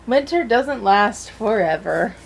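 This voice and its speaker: A woman reading a storybook aloud and voicing a gentle, cautious mother deer. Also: mid-range voice, expressive, slow pace, vocal fry, breathy edge, heavily acted, low-quality recording. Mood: reassuring.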